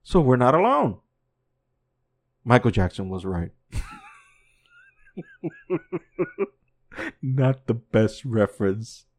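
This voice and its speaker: Male podcast host, very animated pitch, cursing freely, alternating quiet asides with incredulous near-shouted rants. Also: takes it slowly, long pauses. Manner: swings from low muttering to loud incredulous outbursts; swears constantly, repeats himself. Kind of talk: profane casual commentary.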